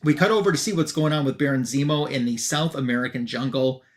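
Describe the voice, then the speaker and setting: A man casually summarizing a comic book issue for a review show, chatty with loose fillers and quick asides. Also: medium pitch, a little hiss or hum.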